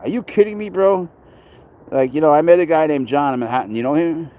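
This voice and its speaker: A man's voice: fairly high pitch, brisk, warm tone, poor audio. A man casually chatting on a livestream about his pet, rambling and blunt, swearing freely as he reads and answers comments outdoors.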